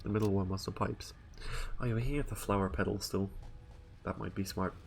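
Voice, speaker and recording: A man's voice: lowish voice, fairly even intonation, brisk, gravelly. Rambling young man streaming a game. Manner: rambling, filler-heavy, thinking aloud. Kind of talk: casual live game-stream chat.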